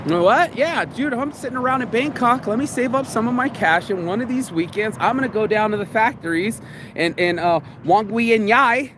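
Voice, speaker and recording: A man's voice: extremely high pitch, brisk, noisy background. A man in his forties giving a crude, slangy motivational monologue as podcast host, often acting out voices in his head. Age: 40s. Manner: crude, pumped-up, slangy, acts out inner voices.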